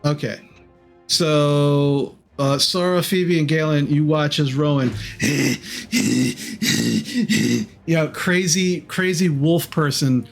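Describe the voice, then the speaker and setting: A man running a tabletop game as game master, narrating in an unhurried, rambling way with many ums and self-corrections. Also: a little high, fairly even intonation, soft background music.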